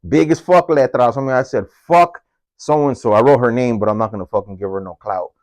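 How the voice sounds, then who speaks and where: A man telling a story from his own life in a casual, slangy, profane way, leaping up in pitch whenever he quotes someone. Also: fast talker, darkish tone, no room sound. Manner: slangy and profane, jumps into high-pitched voices when quoting. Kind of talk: casual first-person storytelling.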